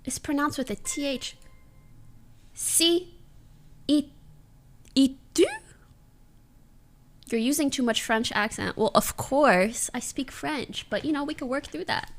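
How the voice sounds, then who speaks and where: A woman's voice: high voice, moderate pace, few pauses. A young woman livestreamer chatting casually and playfully, laughing often as she sounds out words. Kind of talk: casual stream chat.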